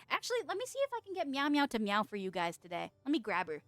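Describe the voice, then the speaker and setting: Giggly high-voiced woman streamer. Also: quick pace, no room sound, soft background music. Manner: giggly, excitable, chatting to viewers. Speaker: streamer and VTuber. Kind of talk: casual livestream chat.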